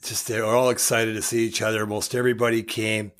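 A man's voice: fairly low pitch, flat delivery, brisk, a bit bright. A man in his sixties, a former hockey player, telling a story on a podcast and laughing through his punchlines. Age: 60s. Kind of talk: casual storytelling.

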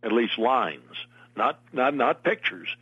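Older guy rambling through old stories, husky voice, dry dull recording. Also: medium pitch, big pitch swings, takes it slowly, no echo. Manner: meandering anecdotal storyteller. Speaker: interview guest, actor. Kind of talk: casual interview storytelling.

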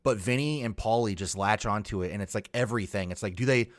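A man's voice: lowish voice, brisk, no echo, clean studio sound. Wry man in casual chat. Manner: wry, mocking, laughs often.

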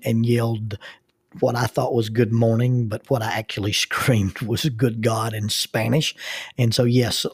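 Husky Southern man telling stories. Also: medium pitch, no echo, studio quality. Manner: folksy and self-deprecating, laughs while telling. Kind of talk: casual storytelling.

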